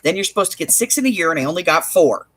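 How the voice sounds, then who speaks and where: A woman's voice: on the low side, animated, very fast, fairly bright tone, husky. A woman running a craft shop, telling a story in casual chat, with exasperated asides. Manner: chatty storytelling, exasperated asides, laughs often.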